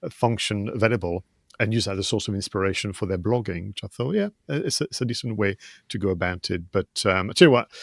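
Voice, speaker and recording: A man's voice: lowish voice, no room sound, studio quality. A man hosting a business podcast, presenting segments in an upbeat, chatty way with some hesitations. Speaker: podcast host. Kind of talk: casual podcast chat.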